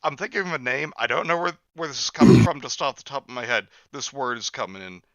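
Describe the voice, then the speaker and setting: A man co-hosting a podcast, sarcastic and loud in casual comedic chat. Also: mid-range voice, quick pace. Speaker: podcast co-host. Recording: dull dry lo-fi mic.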